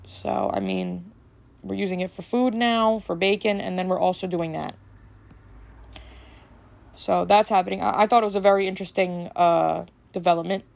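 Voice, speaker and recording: A woman hosting a casual solo podcast, rambling and chatty with lots of fillers, a little snarky and brisk. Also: lowish voice, steady tone, gravelly, darkish tone. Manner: rambling and chatty, full of "like" and "you know"; brisk, slightly snarky delivery. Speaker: podcast host.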